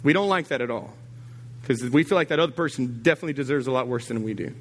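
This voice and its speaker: A middle-aged man preaching a sermon as a pastor, teasing and animated, dropping low and quiet, then rising high and emphatic. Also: quick pace, long reverb tail.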